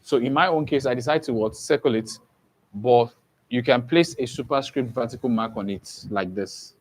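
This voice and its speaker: A man's voice: mid-range voice, normal speed. A man giving an exam-prep lesson who keeps asking the class questions and repeating key points. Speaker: teacher.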